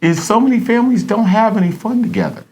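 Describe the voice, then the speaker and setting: Animated middle-aged preacher man. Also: high-pitched, quick pace. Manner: preachy, animated storytelling with quoted dialogue. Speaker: pastor and podcast co-host. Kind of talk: casual chat.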